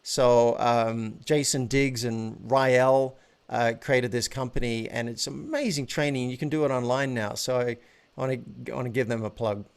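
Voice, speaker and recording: A man talks casually as an interview guest, his pitch sitting in an ordinary middle range. He is animated and excitable. He often repeats and restarts his words mid-thought. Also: moderate pace, gravelly, clear, resonant tone. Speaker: podcast guest, author and coach.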